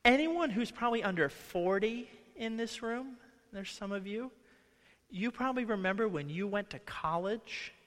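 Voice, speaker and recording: Man, pastor, high voice, chatty sermon, long church reverb. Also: expressive, moderate pace, fairly bright tone. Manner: conversational, acts out quoted voices. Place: church sanctuary.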